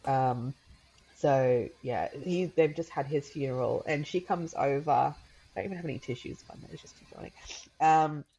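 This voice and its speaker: A low, gravelly woman's voice with a darkly mellow tone, heard on a dull, lo-fi recording. She is in her thirties and talks in a chatty, rambling way, full of fillers and small laughs as she tells her own story. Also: normal speed. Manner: chatty, many fillers and laughs, acts out her daughter's lines in a high voice. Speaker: podcast guest. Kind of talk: emotional personal storytelling.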